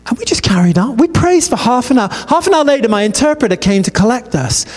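A man preaching a sermon, telling a story in a conversational, animated way and acting out the dialogue. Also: very high-pitched, fast. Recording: long hall reverb.

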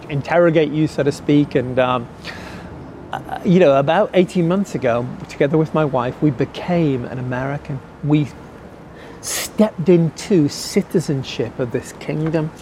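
A middle-aged man, preaching a sermon earnestly and slowing down to stress key words. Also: fairly high pitch, a little mellow, a little hiss or hum. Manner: earnest, repeats key phrases slowly for emphasis. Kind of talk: sermon teaching.

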